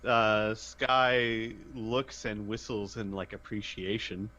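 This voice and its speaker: Halting man narrating as game master. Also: lowish voice, level tone, bright, forceful tone, slight background noise. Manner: hesitant, halting narration with fillers. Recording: dull lo-fi voice chat.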